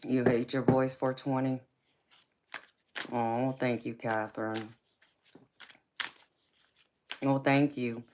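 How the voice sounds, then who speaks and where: A woman hosting a tarot live stream with a raspy voice. She answers viewers in a casual, forthright way and calls them baby and honey. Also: very deep voice, little pitch movement, slow, long pauses. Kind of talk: casual live-stream chat reading comments. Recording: clear background noise.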